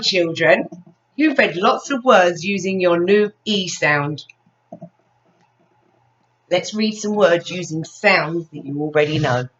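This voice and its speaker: English lady teaching phonics to little kids, super slow, bouncy voice, a bit far off and muffled. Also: lowish voice, a bit bright. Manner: slow, sing-song, praising. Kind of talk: phonics lesson for young children. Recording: dull sound from off mic.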